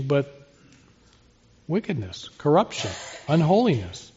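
On a slightly dull, lo-fi sermon recording, a man whose voice runs on the high side and sounds a little mellow preaches an expository message. He keeps it earnest and conversational, asking rhetorical questions and then answering them.

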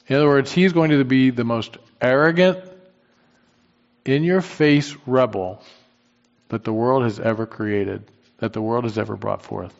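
A man teaches a Bible study conversationally, thinking aloud, often restarting, and posing questions to the class. His gravelly, somewhat dark voice sits at a middle pitch, and the dull, lo-fi recording has a long hall reverb after every phrase.

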